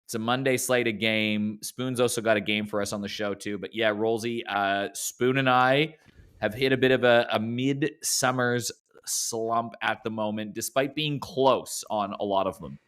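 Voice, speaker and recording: Chatty Canadian man, low voice. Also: fairly even intonation, moderate pace, fairly bright tone, clear, resonant tone. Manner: chatty, jokey, self-mocking. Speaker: podcast host. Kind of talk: casual podcast chat. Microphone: remote call mic.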